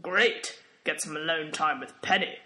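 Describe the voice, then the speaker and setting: A man's voice: fairly high pitch, moderate pace, pushed and bright. A young man playing a dry, sarcastic, skeptical volunteer in a comedy sketch.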